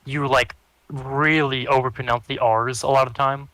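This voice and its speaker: A man's voice: mid-range voice, flat delivery, moderate pace, fairly bright tone, dry recording, poor audio. A man chatting casually with friends, teasing and laughing.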